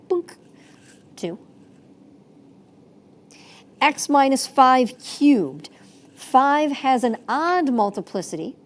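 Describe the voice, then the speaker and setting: A woman teaching a math lesson in a chatty, playful way, correcting herself as she goes. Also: a little high. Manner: chatty, self-correcting, playful sound effects.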